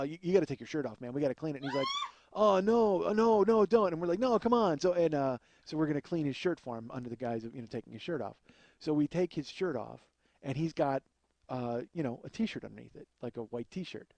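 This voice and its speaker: A man's voice: medium pitch, gravelly, dark tone, dry recording. A man telling a rambling, profane comic story as a podcast host, often laughing at his own tale. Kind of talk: comedic storytelling.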